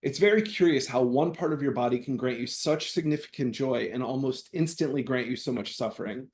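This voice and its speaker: Man giving a wry, deadpan reading. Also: medium pitch, a little fast, a little hiss or hum. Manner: wry, deadpan comic delivery. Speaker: writing fellow reading his work. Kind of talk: live reading of a personal essay.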